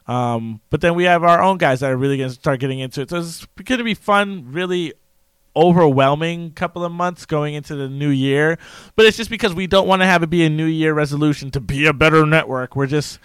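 Man, podcast co-host, casual chat, animated, jokey, dry close sound. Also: a little high, fairly quick, clean tone, no echo. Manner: animated, jokey, shifts into put-on voices.

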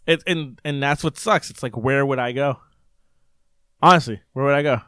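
A man's voice: mid-range voice, normal speed, bright, forceful tone, clear, resonant tone, no room sound, studio quality. A young man co-hosting a casual political chat, joking around and slipping into silly impressions. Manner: jokey, breaks into silly impressions and sung bits. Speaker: podcast co-host.

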